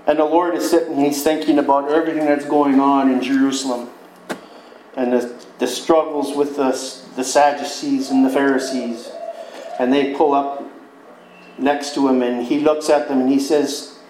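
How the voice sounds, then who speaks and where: A man's voice: medium pitch, little pitch movement, moderate pace, a little mellow, a little hiss or hum. A man preaching a sermon, retelling scripture in a folksy, conversational storytelling way. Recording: echoey room.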